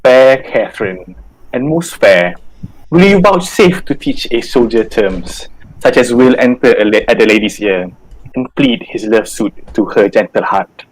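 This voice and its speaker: A man's voice: medium pitch, expressive, a little slow, poor audio. A man voicing an English king courting a French princess, reading the scene plainly over a video call. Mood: earnest. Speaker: workshop participant. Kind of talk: reading a Shakespeare scene aloud.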